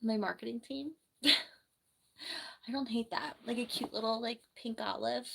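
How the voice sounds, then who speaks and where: A young woman from New Jersey, a nurse, chatting casually on a livestream from her bedroom, rambling and reading viewer comments aloud, her voice slightly hoarse from the flu. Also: on the high side, moderate pace, noisy background. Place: bedroom at home.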